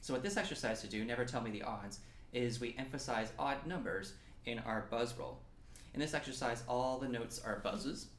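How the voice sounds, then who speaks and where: A man's voice: medium pitch, moderate pace, a bit bright, slight background noise. Young man, percussion teacher, encouraging, counts beats aloud, roomy echo. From New Mexico. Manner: encouraging, counting aloud while playing along. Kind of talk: online drum lesson. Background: snare drum and practice pad playing.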